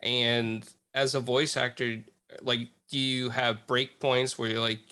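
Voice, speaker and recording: Bright-voiced man asking questions. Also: mid-range voice, level tone, takes it slowly. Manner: rambling questions with fillers. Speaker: podcast host. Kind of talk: casual interview questions.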